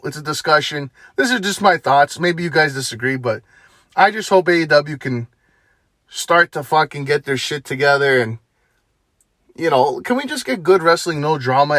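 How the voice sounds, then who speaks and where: A man's voice: on the high side, fairly bright tone, dry recording. A young man ranting heatedly in his own vlog, swearing often and sounding fed up and exasperated. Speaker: wrestling commentary vlogger.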